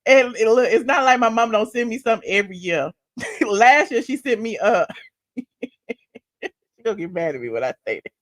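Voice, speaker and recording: A woman hosting a casual live stream, chatty and animated, her voice swinging between loud bursts and soft asides. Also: fairly high pitch, normal speed, pauses often, no echo, studio quality.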